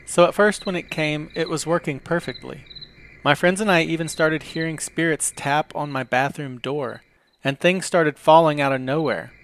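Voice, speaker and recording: Upbeat podcast host, fairly high. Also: male voice, fairly bright tone, slight background noise. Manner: reads listener reviews aloud with dry humor. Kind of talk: comedic podcast hosting.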